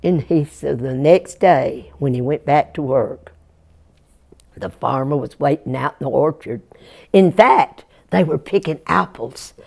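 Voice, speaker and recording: A woman's voice: deep voice, measured pace, gravelly, darkish tone. A woman telling a Jack tale as a folk storyteller, folksy and chuckling, speaking straight to her young listeners.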